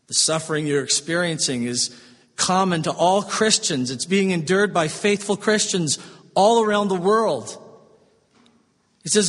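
A man preaching a sermon, swinging between strong emphasis and hushed, slow, tender passages. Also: a little high, in a large hall. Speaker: pastor.

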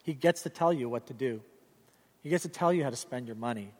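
A man's voice: mid-range voice, fairly quick. A middle-aged man preaching a sermon as pastor, earnest and direct, telling stories with animation. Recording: reverberant hall sound.

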